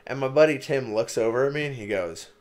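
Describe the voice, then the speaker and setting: Brief: young male podcast co-host, mid-pitched, loose rambling storyteller who swears freely. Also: fast talker. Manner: rambling storyteller, lots of "like" and cursing. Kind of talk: casual chat.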